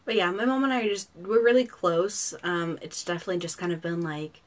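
A young woman rambles happily through a casual vlog from her bedroom, giggling as she talks and filling pauses with plenty of fillers. Her voice sits a little low for a woman. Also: steady tone. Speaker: vlogger. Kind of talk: casual get-to-know-me vlog.

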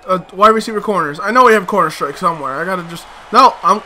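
High, bright-voiced man grumbling over gameplay. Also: quick pace. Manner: mutters to himself, swears in frustration, sudden outbursts. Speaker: let's play host. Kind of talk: gameplay commentary.

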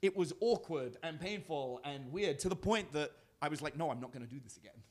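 A man's voice: on the high side, fairly quick. A man telling a long personal story in casual podcast chat, acting out the lines of the people in it. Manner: animated anecdote-telling, acting out quotes. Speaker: dating coach.

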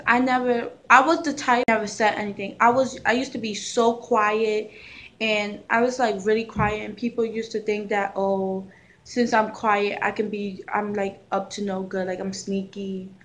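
A young woman vlogger tells a personal story in a loose, rambling way. She talks in slang, swears freely, and her voice sits a little high. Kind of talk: casual storytime.

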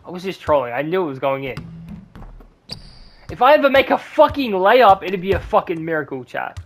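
A man's voice: high voice, big pitch swings, fairly quick, fairly bright tone, faint music behind. A young man streaming a basketball video game, cursing and ranting at the game while talking to his chat in mumbled asides. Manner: profane, frustrated ranting at the game. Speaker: gaming streamer. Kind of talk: live gameplay commentary to chat.

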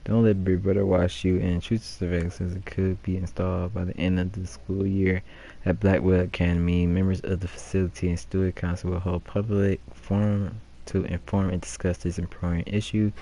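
Deep voice guy streaming a game, reads stuff out loud and laughs at it. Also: little pitch movement, normal speed. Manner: reads in-game posters aloud, joking and laughing. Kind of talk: casual let's-play commentary.

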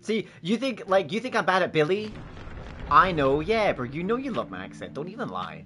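A man's voice: sits high, very animated, normal speed, sharp tone, slight background noise. A man casually chatting on a gaming live stream, joking, swearing and laughing often as he banters with friends and chat.

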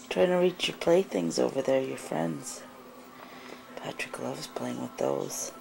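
A woman, a mother filming her children at home on a camcorder, gently scolding and cooing baby talk. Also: sits low, measured pace, creaky. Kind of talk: casual home-video narration and baby talk. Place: family home, indoors. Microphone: handheld camcorder.

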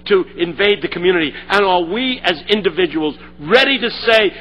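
A man preaching a sermon, telling a story and building to shouted call-and-response. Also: sits high, animated, moderate pace, few pauses.

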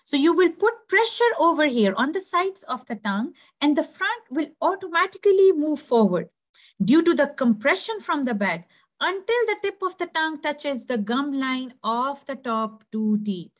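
A woman teaching a recitation lesson, patiently explaining and slowly demonstrating pronunciations. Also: sits high, big pitch swings. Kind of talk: tajweed lesson.

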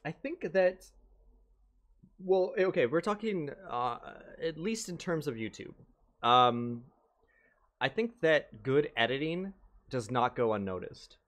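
A man's voice: a little high, animated, takes it slowly, fairly bright tone. A young man being interviewed in a casual chat about video editing, rambling and swearing, often joking. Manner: rambling, profane, jokey, slips into mocking voices. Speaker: interview guest, video editor.

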